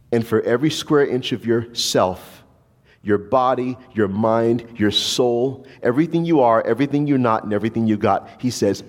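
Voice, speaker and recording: A man's voice: medium pitch, darkish tone, long reverb tail. A man preaching a sermon, telling a story and acting out the voices of the people in it. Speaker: pastor.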